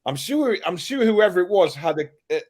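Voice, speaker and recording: A man chatting on a live stream, rambling in animated bursts and restarting his sentences. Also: sits high, normal speed, slight background noise. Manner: rambling, animated storytelling with repeated starts. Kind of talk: casual chat.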